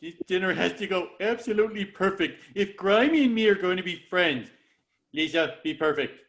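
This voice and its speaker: A man voicing a dim-witted, cheerful cartoon dad in a table read, goofy and excitable. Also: high voice, normal speed. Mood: excited.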